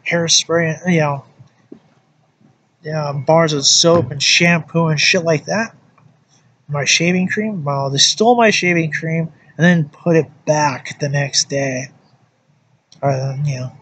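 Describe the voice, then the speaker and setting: Rambling, foul-mouthed young man, slightly high voice. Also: fairly bright tone, slight background noise, poor audio. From United States. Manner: profane, angry rant with frequent fillers. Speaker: vlogger. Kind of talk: casual rambling vlog.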